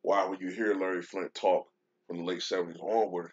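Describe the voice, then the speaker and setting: A man's voice: low-pitched, steady tone, brisk. A man hosting a show, talking casually and reading out a news article, with many fillers and restarts. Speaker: show host. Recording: dull lo-fi sound.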